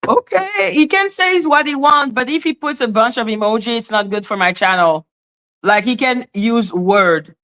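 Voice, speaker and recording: Woman, casual stream host, raised pitch, sharp bright tone, profane and scolding. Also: animated, moderate pace. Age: adult, former high school teacher. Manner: blunt, profane and sassy, scolding the chat; big swings between high exclaims and low asides. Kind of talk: casual live-stream commentary.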